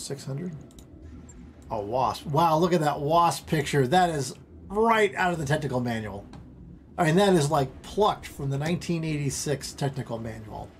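A man casually commentating his strategy game stream at home, rambling, interrupting himself and getting excited over small things. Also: a little high.

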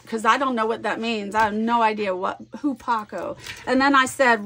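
A woman's voice: a little high, moderate pace, fairly bright tone. Chatty woman rambling through a craft vlog. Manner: rambling storyteller, acts out both sides of a conversation. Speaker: scrapbooking vlogger.

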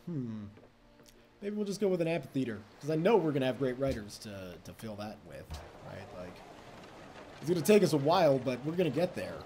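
A man's voice: medium pitch, sing-song, brisk, dark tone, a little hiss or hum. A young man casually commenting on his strategy game session, chatty and self-mocking, laughing often. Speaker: let's play host.

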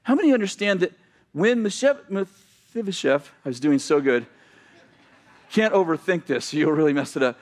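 A male pastor delivering a sermon in a relaxed, conversational way. He tells the story with casual asides and corrects himself mid-sentence. His voice sits a little on the high side. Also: normal speed, long pauses.

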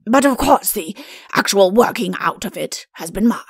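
A woman's voice: medium pitch, animated, moderate pace, breathy edge, no echo, clean studio sound. A woman voicing a vain, good-natured male king in a storybook reading. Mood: self-important.

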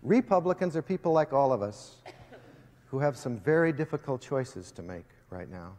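A man's voice: medium pitch, expressive, normal speed, a little mellow. A man giving an impassioned, preaching-style speech to students, telling stories and speaking directly to his listeners. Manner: emphatic, storytelling, addresses the audience directly. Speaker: guest speaker addressing students. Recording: long reverb of a large hall.

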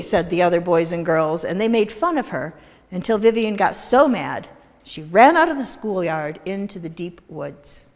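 Woman minister, storytelling, slow and expressive, reverberant hall. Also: medium pitch. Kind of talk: storytelling in a worship service. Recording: echoey hall.

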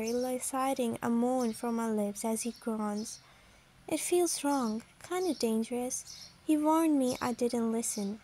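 A high-voiced woman narrates a first-person romance story. Her reading is smooth and even, with a synthetic, steady flow. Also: slight background noise, rough recording.

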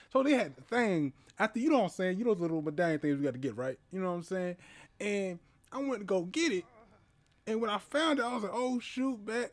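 A man casually commenting on a horror game as he plays, talking to his viewers and yelling when startled. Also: on the high side, no room sound. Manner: excitable, talks to viewers, yells at jump scares. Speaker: gaming channel host. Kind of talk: casual let's-play commentary. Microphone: headphones with a mic.

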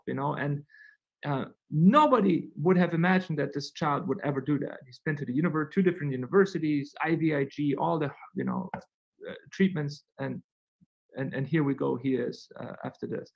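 A man speaking as a physician guest in a webinar, explaining in a halting way with many fillers and restarts. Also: on the high side, vocal fry, lo-fi sound.

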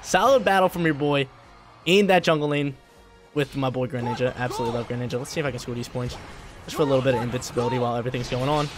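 A young man narrates his own gameplay as it happens, talking casually in gamer slang. His voice sits mid-range, and he keeps breaking into loud, hyped shouts. Faint music plays underneath. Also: mid-range voice, racing. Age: young adult. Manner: excitable, slangy, bursts into loud hype. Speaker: gaming video creator. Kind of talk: live gameplay commentary.

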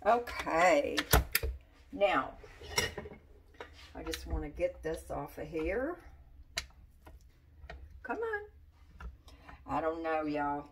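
A woman's voice: deep voice, big pitch swings, extremely slow, long pauses, distant mic, noisy background. A woman giving a casual cooking demonstration in a home kitchen, chatty and folksy, talking straight to her viewers. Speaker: cooking vlogger.

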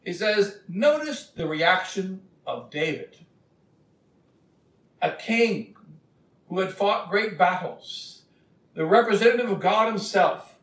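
A man preaching a sermon as a bishop, retelling scripture in a slow, emphatic storytelling way. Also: sits high, fairly bright tone. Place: church. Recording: echoey church from a distant mic.

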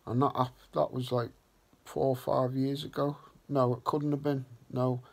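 A man hosting a vlog, talking slowly and earnestly in a reflective way. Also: mid-range voice, little pitch movement, gravelly, a little mellow. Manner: slow, earnest and heartfelt. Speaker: vlog host.

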